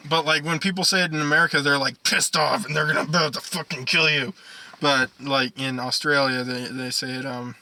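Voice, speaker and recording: A man's voice: on the high side, fairly even intonation, a little fast, sharp tone, rough recording. A young man co-hosting a casual podcast, rambling and swearing, laughing often. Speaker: podcast co-host. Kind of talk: casual chat.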